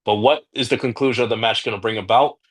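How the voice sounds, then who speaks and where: A man's voice: medium pitch, steady tone, fast talker, a bit bright, husky. A man from the United States co-hosting a casual wrestling podcast, rambling and swearing freely. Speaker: podcast co-host.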